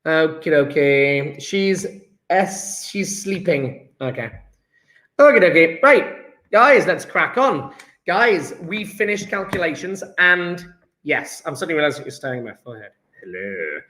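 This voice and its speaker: A man's voice: fairly high pitch, expressive, unhurried, pushed and bright, roomy sound. A male teacher chatting and joking with his class while taking the register in a live-streamed online lesson. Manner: chatty, joking, takes register and reads out student chat.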